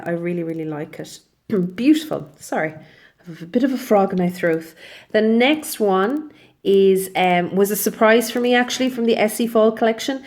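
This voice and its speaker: A woman's voice: fairly low pitch, a little mellow. A young woman chatting casually through a nail polish review, rambling and often correcting herself mid-sentence. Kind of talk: casual product review vlog.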